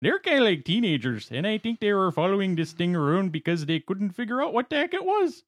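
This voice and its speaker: A man's voice: high voice, big pitch swings, a little fast, dry recording. Playful podcast guy reading news bits, bouncy voice, dry close mic. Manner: playful, reads stories aloud with jokey voices. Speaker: podcast co-host. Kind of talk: casual chat, reading news items.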